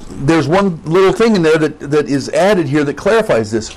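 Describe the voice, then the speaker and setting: A man's voice: a little high, animated, normal speed, darkish tone. A pastor preaching a sermon, teaching in a conversational way with asides and rhetorical questions to his congregation.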